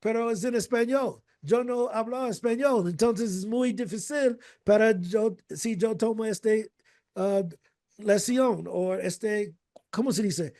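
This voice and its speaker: A man's voice: high-pitched, a little slow, dark tone. A man voicing a flustered male course buyer who speaks only Spanish and switches languages as he talks. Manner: bilingual, flustered, switching languages mid-sentence.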